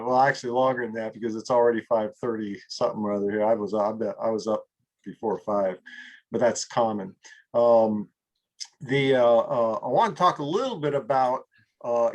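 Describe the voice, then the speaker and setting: A man from California leading a group coaching call in a casual, rambling way, full of fillers and restarts, a little tired. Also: mid-range voice. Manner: rambling, many fillers and restarts, acts out slow drawled examples. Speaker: group mastermind leader.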